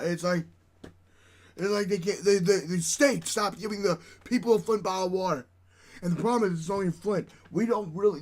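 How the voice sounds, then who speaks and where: A man from the United States ranting angrily to camera as a vlogger, shouting and swearing heavily into his own recording setup. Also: high-pitched. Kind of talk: angry profane rant to camera. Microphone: own recording setup with adjustable gain.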